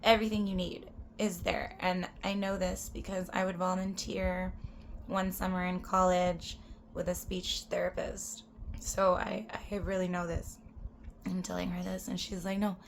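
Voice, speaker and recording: A woman's voice: on the low side, completely flat delivery, measured pace, vocal fry, slight background noise. A woman in her twenties from the US-Mexico border region, chatting casually to camera as a vlogger. She rambles and swears, and often drops into whispered asides.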